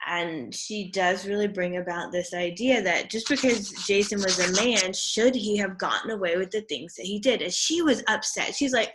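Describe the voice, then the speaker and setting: A woman's voice: mid-range voice, normal speed, hardly any pauses, fairly bright tone. A woman giving a casual literature lecture, chatty and full of fillers. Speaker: literature teacher.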